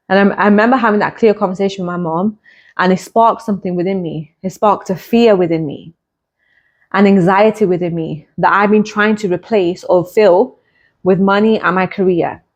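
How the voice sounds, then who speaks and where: A woman's voice: mid-range voice, highs cut off. A woman hosting her own podcast, speaking as a hypnotist coach in a candid personal monologue. Her voice sits in an ordinary middle range. She is reflective and stacks her thoughts in repeated, parallel phrases.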